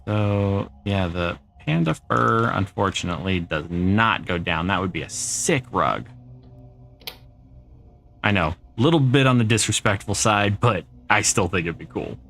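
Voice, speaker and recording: Gravelly low-voiced man, laid-back chat. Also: unhurried. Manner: relaxed, chatty, reads and answers viewer comments. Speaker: streamer. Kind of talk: casual gameplay chat.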